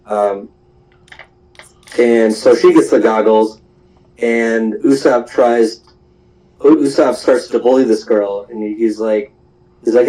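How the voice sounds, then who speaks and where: Mellow young man casually recapping an anime. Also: mid-range voice, fairly even intonation, takes it slowly, long pauses, low-quality recording. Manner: rambling, full of fillers and laughs.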